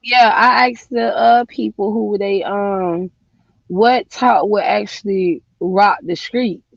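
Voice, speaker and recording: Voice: medium pitch, steady tone, slow, vocal fry, no echo, highs cut off. A co-host chatting casually on a live stream, blunt and profane in a colloquial way. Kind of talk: casual chat.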